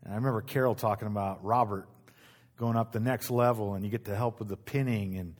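A man's voice: lowish voice, steady tone, fast talker, darkish tone. A middle-aged man preaching a sermon as pastor, in a conversational way, repeating key phrases and restarting his sentences.

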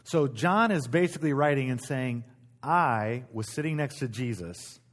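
A middle-aged male pastor preaching in a church, reading scripture aloud and explaining it in a relaxed, conversational way, with asides to the congregation. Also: mid-range voice, moderate pace. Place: church sanctuary.

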